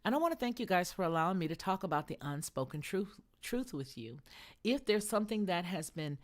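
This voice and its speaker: A woman's voice: on the low side, sing-song, a little fast. A middle-aged woman hosting a casual live-stream chat, talking emphatically and answering viewer comments. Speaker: host.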